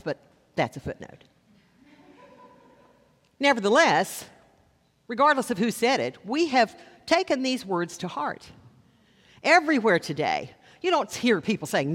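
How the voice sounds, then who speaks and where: A man preaching a sermon as a pastor, conversational with wry asides, slowing down to stress key lines. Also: sits high, a bit bright. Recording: long reverb of a large hall.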